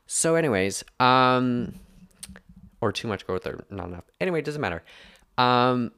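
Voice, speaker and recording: A man's voice: medium pitch, animated, normal speed, a bit bright, smooth. A young man hosting a podcast, ranting casually and rambling with many filler words and self-corrections. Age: young adult. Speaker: podcast host.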